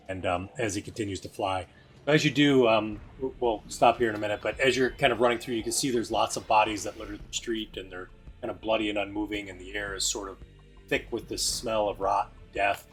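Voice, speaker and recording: A man running a tabletop game as game master, narrating in a casual, halting way. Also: fairly low pitch, fairly even intonation, fairly bright tone, husky. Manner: casual, many fillers and restarts. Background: faint music.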